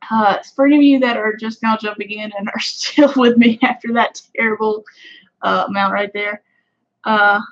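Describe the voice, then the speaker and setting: A woman's voice: medium pitch, fairly even intonation, moderate pace, lo-fi sound. A woman with a Southern US country accent hosting a casual livestream, chatting with viewers in a rambling way full of fillers. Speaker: fishing channel host.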